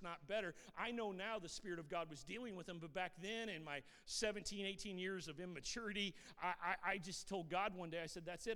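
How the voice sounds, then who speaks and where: A man's voice: a little high, fairly bright tone, in a large hall. A middle-aged male pastor giving a sermon with a personal testimony, telling his story earnestly, stumbling over repeated words and asking the congregation "Amen?". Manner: calls himself reserved by default.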